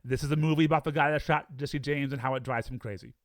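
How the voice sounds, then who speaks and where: A man's voice: mid-range voice, fairly even intonation, fast, no room sound, clean studio sound. A man talking casually and with enthusiasm as he ranks films, weighing each one aloud against the others. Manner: chatty, enthusiastic, debates rankings aloud with himself. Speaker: film reviewer. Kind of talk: casual film-ranking monologue.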